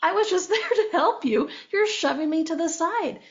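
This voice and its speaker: A woman's voice: very high-pitched, animated, normal speed, voice pushed up. A woman voicing her own body as a casual, upbeat teammate, slightly exasperated. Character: cheerful helpful human body, speaking as a teammate. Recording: dull lo-fi recording.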